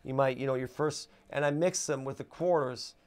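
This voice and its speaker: A man's voice: mid-range voice, normal speed. A man teaching a guitar lesson in a casual, chatty way, counting beats aloud as he strums. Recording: guitar playing loud behind voice. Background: acoustic guitar strumming.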